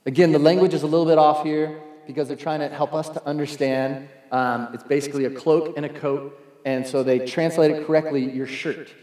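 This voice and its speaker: A man preaching a sermon as a pastor, animated and acting out the voices he quotes. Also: fairly high pitch, a little fast. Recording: echoey hall, long reverb.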